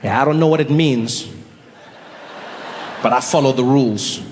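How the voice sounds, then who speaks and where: A man performing a stand-up comedy routine on a theater stage, telling stories with animated shifts into other voices. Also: medium pitch, moderate pace, slight background noise. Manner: animated storytelling, swings between voices. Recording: live hall with long reverb.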